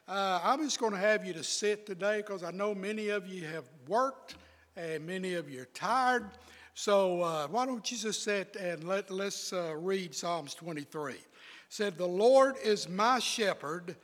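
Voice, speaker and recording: A man preaching a sermon and praying, with slow, measured emphasis on his words. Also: high-pitched, a bit bright. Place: church sanctuary with long reverb. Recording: reverberant church hall.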